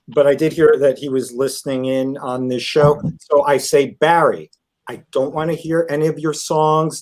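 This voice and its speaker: A man telling a pun joke on an online call, with a deadpan setup. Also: mid-range voice. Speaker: pun contestant.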